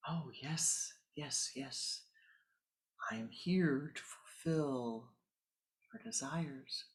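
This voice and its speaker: A meditation teacher voicing a demon servant with a slow, hushed, drawn-out delivery in a spoken parable. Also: mid-range voice, low-quality recording. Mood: eerie.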